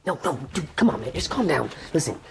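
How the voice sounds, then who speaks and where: Lively excitable male reaction host. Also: on the high side, fast talker, creaky, noisy background. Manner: jumpy, laughing, breaks into startled yells. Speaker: host reacting to a horror video.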